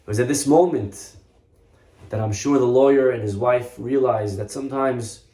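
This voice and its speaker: A rabbi delivers a storytelling sermon in a mid-range, mellow male voice at a moderate pace. He is earnest and repeats himself to stress points, and the recording has a roomy echo.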